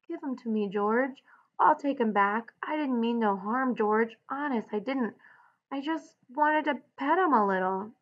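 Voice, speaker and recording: A woman voicing a big, gentle, childlike man who talks in a soft, pleading, simple way. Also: on the high side, a little slow, lo-fi sound.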